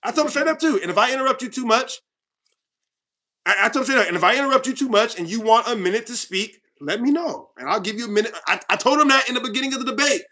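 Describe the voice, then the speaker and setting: A man hosting his own channel, ranting to viewers in a heated, confrontational way, swinging between loud outbursts and quiet asides. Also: extremely high pitch, lively intonation, quick pace. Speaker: channel host.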